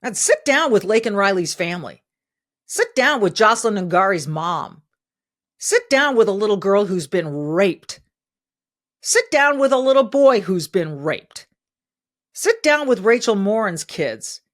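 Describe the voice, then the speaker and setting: A woman's voice: medium pitch, sing-song, measured pace. A middle-aged woman hosting a podcast, delivering emphatic opinion commentary and repeating phrases for stress. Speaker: podcast host.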